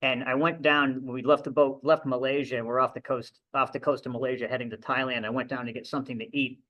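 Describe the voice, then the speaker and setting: A middle-aged man speaks at a library event as a ship captain and tells stories from his voyages. His voice sits at an ordinary mid pitch. He talks conversationally and restarts his sentences as he goes. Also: little pitch movement, fast, dull audio. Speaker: ship captain giving a public talk. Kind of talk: anecdotal lecture.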